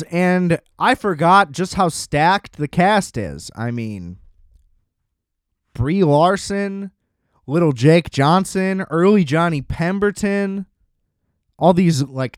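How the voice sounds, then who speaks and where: A man's voice: sits high, lively intonation, slow, smooth, no echo, studio quality. A man hosting a podcast, ranting in a casual, exasperated and profane way. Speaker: podcast host. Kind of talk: casual solo podcast rant.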